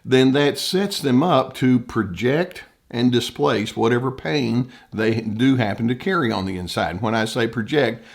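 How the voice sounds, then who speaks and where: Gravelly-voiced man, measured therapy talk. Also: mid-range voice. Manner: thoughtful, with frequent restarts and quoted example statements. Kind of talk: unscripted teaching talk to camera.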